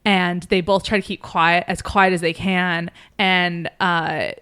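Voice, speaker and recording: A woman with a somewhat low voice retells a story in a quick, animated rush, full of fillers. It sounds like a casual podcast chat among friends. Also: smooth. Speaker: podcast host.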